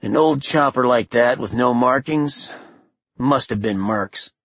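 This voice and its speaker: A man reading an audiobook, voicing a gruff, blunt older army general who speaks in clipped lines, from a slightly dull recording. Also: medium pitch, measured pace, a bit bright, no echo.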